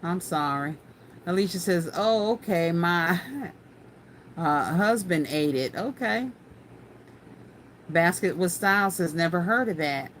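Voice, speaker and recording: A woman's voice: on the low side, animated, slow pace, long pauses, slight background noise. Chatty woman on a livestream. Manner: chatty, folksy, laughs often. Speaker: craft livestream host. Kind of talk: casual livestream chat reading viewer comments.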